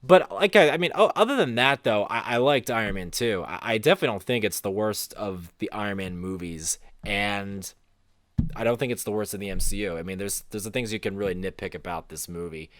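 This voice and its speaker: A man co-hosting a casual movie review, rambling and repeating himself, getting louder and higher as he gets worked up. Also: a little fast, no room sound. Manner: rambling, repeats words, rises in pitch and volume when animated.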